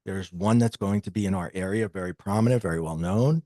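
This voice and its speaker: A man appears as a guest on a podcast, animatedly telling a personal story and acting out the dialogue he quotes. His voice is deep and brisk, with no room sound.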